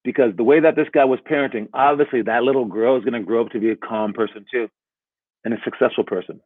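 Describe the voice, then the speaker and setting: A man's voice: medium pitch, quick pace, dry recording. A man giving a casual motivational talk as a coach, rambling and asking "all right?" again and again. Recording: tinny phone-like audio.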